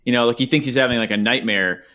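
A man guest on a casual podcast, joking and quick with references. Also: mid-range voice, bright, forceful tone. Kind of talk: casual chat.

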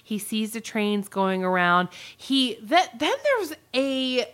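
A woman co-hosting a podcast, recapping a movie in casual, animated chat full of "like". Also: fairly high pitch, takes it slowly. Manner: animated storytelling, frequent "like", laughs easily. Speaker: podcast co-host.

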